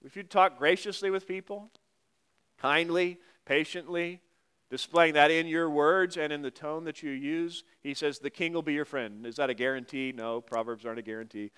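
A man preaching a conversational sermon, reading scripture slowly and adding wry asides to his listeners. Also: fairly high pitch, fairly even intonation, a bit bright, smooth. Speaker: pastor.

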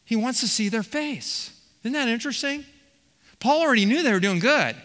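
A man's voice: very high voice, animated, normal speed, fairly bright tone. A man preaching an expository sermon, stressing words by repeating them and putting questions to the congregation. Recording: long reverb of a large hall.

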